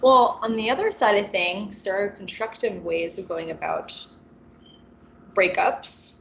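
Chatty young woman with vocal fry. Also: medium pitch, unhurried, highs cut off, a little hiss or hum. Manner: chatty, self-aware, laughs easily. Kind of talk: casual chat.

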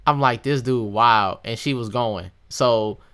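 A man's voice: mid-range voice, a little slow, a bit bright, clean tone. A young man in a casual chat with friends, joking, laughing often and acting out stories.

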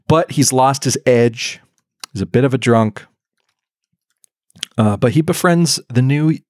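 This podcast co-host has a medium-pitched, darkish voice captured in a dry, clean studio. He chats casually, speaking animatedly and laughing a lot.

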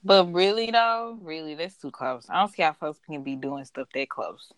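A woman's voice: deep voice, moderate pace, dry recording. A woman co-hosting a casual TV recap chat, reacting expressively and agreeing often. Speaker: podcast co-host.

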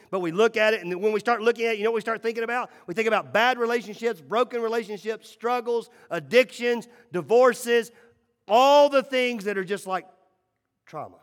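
A middle-aged man preaching a sermon, telling stories and swinging between loud and hushed lines. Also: high-pitched, fairly quick. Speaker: pastor. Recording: echoey hall reverb.

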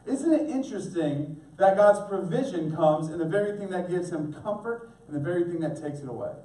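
A man preaching a sermon as pastor, animated, acting out voices for humor. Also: high-pitched, brisk. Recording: echoey room, voice from a distance.

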